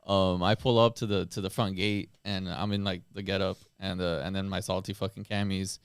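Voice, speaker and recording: A man's voice: sits low, flat delivery, fairly quick, smooth, no room sound, clean studio sound. An American man in his thirties hosting a podcast, telling a story in laid-back, swear-heavy casual chat. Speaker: podcast host.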